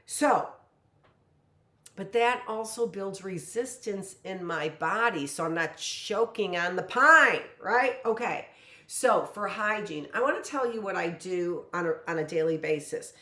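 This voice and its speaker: A woman's voice: medium pitch, expressive, unhurried, bright, forceful tone, echoey room. A woman in her late fifties giving a rambling, chatty live lesson from her home kitchen. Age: 50s. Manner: rambling, chatty, lots of "you know". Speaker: teacher. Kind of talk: casual live-stream lesson.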